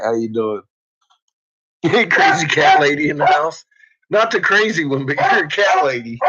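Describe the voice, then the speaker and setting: A man rambling casually in a home vlog, swearing a lot and laughing often, dropping to low mutters and rising to loud shouts. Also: background noise. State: uses bottled oxygen. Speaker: vlogger. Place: at home with a dog. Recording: dull lo-fi home recording.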